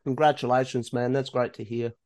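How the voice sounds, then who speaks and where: A man's voice: medium pitch, level tone, a little fast, darkish tone, no room sound, studio quality. A man hosting a podcast, talking openly and earnestly in a casual, profane way. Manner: open and earnest, with casual swearing. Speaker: podcast host. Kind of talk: casual conversational chat.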